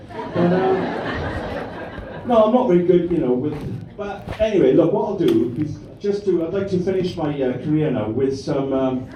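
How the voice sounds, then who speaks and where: Rambling crude stand-up comedian, echoey club. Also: male voice, a little high, lively intonation, normal speed, highs cut off, background noise. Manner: rambling, crude, bantering with the crowd. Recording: echoey room, mic from a distance.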